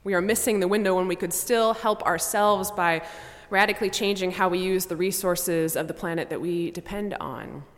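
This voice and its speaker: A woman's voice: fairly low pitch, steady tone. Woman pastor preaching in a reverberant church. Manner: measured, softening to a hush on sombre lines. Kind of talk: sermon. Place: church sanctuary.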